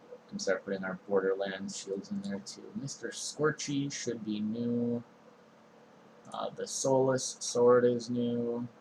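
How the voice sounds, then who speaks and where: A young man streaming a game, talking through his inventory in a relaxed, meandering way with frequent ums and uhs. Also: fairly low pitch, noisy background. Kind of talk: casual let's-play commentary.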